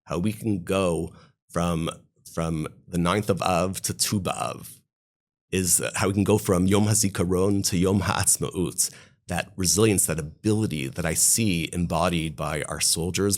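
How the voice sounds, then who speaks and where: A man's voice: low-pitched, unhurried. A man who is a rabbi, speaking, telling stories with passion and rising emphasis. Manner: impassioned, storytelling, voice rising on key points. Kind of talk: podcast interview guest.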